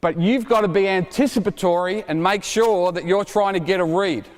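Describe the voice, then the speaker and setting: A man in his forties runs a basketball drill, energetic and quick with a joke as he calls instructions to players. His voice sits a little high. It rings with the long reverb of an indoor court, with balls bouncing behind him. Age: 40s. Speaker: basketball coach. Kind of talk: coaching clinic demonstration. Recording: reverberant gym hall.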